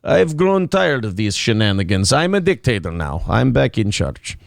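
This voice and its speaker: Gravelly mock-Russian strongman, cocky broken English, as a morning radio host puts it on; dry and close. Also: mid-range voice, very animated, moderate pace, dry recording, voice pushed down. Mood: menacing. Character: gruff boastful Russian strongman leader, adult man.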